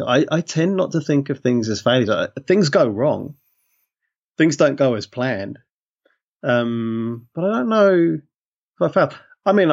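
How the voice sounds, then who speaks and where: A man's voice: medium pitch, vocal fry, dull audio. A man from London, a guest in an interview, talking in a thoughtful way that often corrects itself. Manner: thoughtful, self-correcting, uses 'you know' often. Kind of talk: reflective conversational interview.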